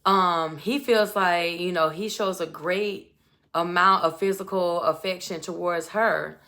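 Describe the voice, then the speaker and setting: Woman commentator, bright and forward tone, chatty and expressive recap delivery. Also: fairly low pitch, a little slow. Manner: chatty, expressive storytelling with asides. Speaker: reality show recap commentator. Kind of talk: casual commentary.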